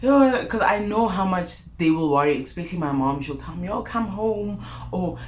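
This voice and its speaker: A young South African woman telling a personal story to her viewers in a vlog, expressive and animated. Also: on the low side, brisk. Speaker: YouTuber. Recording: roomy echo.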